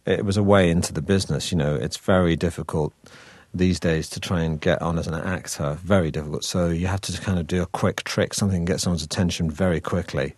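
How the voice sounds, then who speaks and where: Deep-voiced comic actor chatting. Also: male voice, steady tone, fast talker, few pauses, no room sound. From Britain. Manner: anecdotal, self-interrupting, chuckling. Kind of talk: casual interview chat.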